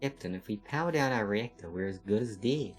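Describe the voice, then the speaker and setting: A defiant starship captain answers back firmly, voiced by a man. His tone is low and resolute, with quiet game music under it. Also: expressive, brisk, lightly acted.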